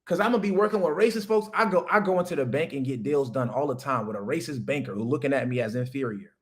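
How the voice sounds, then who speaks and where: A man, hosting a livestream and delivering a loud, preachy motivational rant that jumps high when he hammers a point. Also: fast. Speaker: livestream host.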